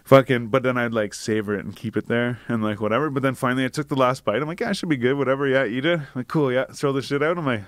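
A man's voice: medium pitch, fast talker, hardly any pauses, dry recording. A young man casually telling a long, profane, rambling anecdote. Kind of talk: casual chat, storytelling.

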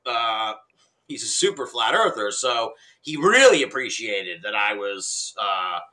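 A middle-aged man telling a story in casual conversation, animated and laughing often, with casual swearing. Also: fairly low pitch, measured pace, low-quality recording. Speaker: podcast guest.

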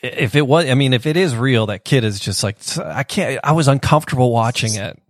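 A man's voice: mid-range voice, no echo, studio quality. A man co-hosting a casual chat, rambling and restarting often as he tells a story. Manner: rambling, halting, many restarts. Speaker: co-host.

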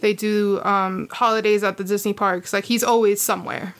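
A woman in casual podcast chat, rambling and halting as she talks. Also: medium pitch, steady tone.

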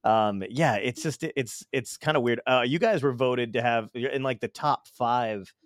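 A man's voice: medium pitch, normal speed, no room sound. A young American man hosting a casual podcast chat, with a mid-range voice. He rambles, swears freely and fills his talk with fillers, heard dry and close with no room around him. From United States. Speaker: podcast host.

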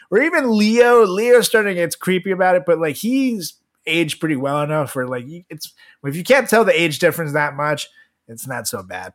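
A man's voice: fairly high pitch, a bit bright. A young man co-hosting a podcast, chatting casually with crude jokes and many fillers. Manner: crude, joking, lots of fillers. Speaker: podcast co-host.

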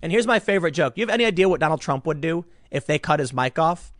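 A man giving casual political commentary in an animated, rambling way, often restarting his sentences. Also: fairly high pitch, quick pace, dry recording, studio quality.

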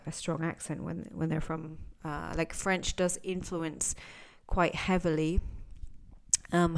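Mellow-voiced woman teaching English, thoughtful. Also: low-pitched, clean tone. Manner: thoughtful, searching for words, frequent restarts. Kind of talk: podcast lesson, unscripted talk.

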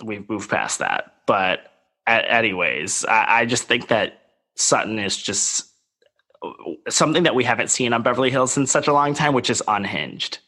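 Animated bright-voiced man chatting. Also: mid-range voice, normal speed, slightly rough. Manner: animated, acts out quotes, laughs often. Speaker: podcast co-host. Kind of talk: casual chat recapping reality TV.

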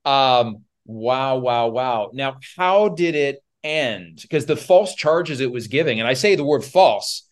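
A man hosts a relaxed interview with an excitable, loose manner. He swears freely and calls his guest dude. His voice sits at an ordinary mid pitch. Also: a little slow, few pauses. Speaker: podcast host. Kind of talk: casual interview.

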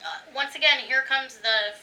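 Sounding a bit distant from the microphone, this podcast co-host has a shrill, bright, high-pitched voice. She's lively as she tells her story in easygoing chat, swearing and laughing readily.

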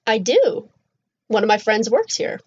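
A woman playing a cheerful, easygoing young woman in character, with a bright, playful delivery. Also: a little high, sing-song, measured pace, slightly rough, highs cut off, heavily acted. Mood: friendly.

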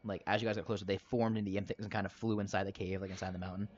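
A man's voice: low voice, little pitch movement, rapid-fire, a little hiss or hum. A young man narrating a tabletop game as game master, rambling with lots of fillers. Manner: rambling, filler-heavy, laughs easily. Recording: dull lo-fi recording.

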